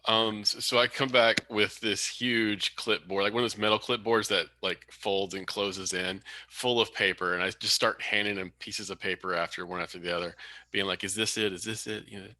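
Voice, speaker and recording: A man's voice: on the low side, moderate pace, no echo. A man in a tabletop game, animatedly describing what his character does. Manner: animated, explaining his moves. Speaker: player.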